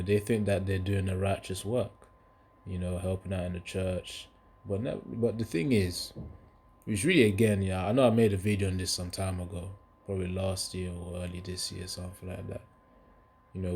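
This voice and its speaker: Brief: low, monotone male host, rambling casual commentary, faint background noise. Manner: rambling, loose, peppered with filler asides.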